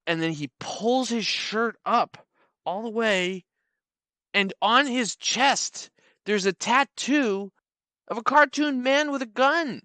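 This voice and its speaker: A young man tells comic stories in a wry, rambling, playful way. His voice is bright and smooth. The recording is dry and close. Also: high-pitched, expressive, slow, no echo. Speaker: comedic storyteller. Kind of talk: comedic storytelling.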